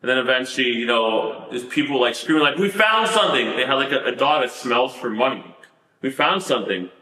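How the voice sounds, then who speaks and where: A man guest on an interview show, telling a story in a casual, animated way, full of fillers and laughter. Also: medium pitch, fairly quick, echoey room, rough recording. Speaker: podcast guest.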